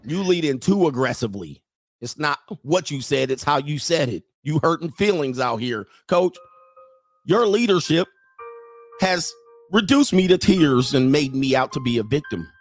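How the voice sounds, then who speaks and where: A man's voice: fairly high pitch, expressive, moderate pace, no echo, faint music behind. A man putting on a mocking voice of an indignant woman who scolds him for leading too harshly. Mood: scolding.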